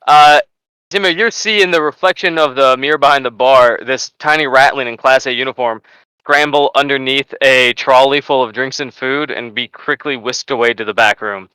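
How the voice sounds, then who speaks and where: A man's voice: medium pitch, moderate pace, bright, forceful tone, smooth, dry recording, rough recording. A man running a tabletop role-playing game as game master, narrating scenes and calling for rolls. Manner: narrates scenes and voices characters.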